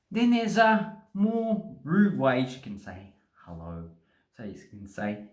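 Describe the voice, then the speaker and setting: A man's voice: medium pitch, sing-song, unhurried. An Australian man vlogging casually into a phone, joking and wandering into asides while he explains. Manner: chatty, joking, rambling asides. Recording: echoey room on phone.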